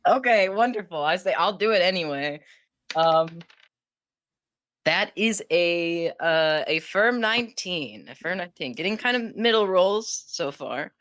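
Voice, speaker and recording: A woman playing in a tabletop game, wry and playful, laughing often. Her voice sits a little low for a woman. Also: lively intonation, unhurried, fairly bright tone. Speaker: player.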